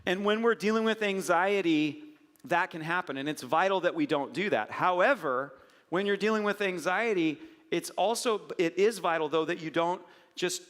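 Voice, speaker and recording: A middle-aged man preaching a conversational sermon as a pastor, animated and joking as he tells stories with acted asides. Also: high-pitched, normal speed. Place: church sanctuary. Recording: church hall reverb.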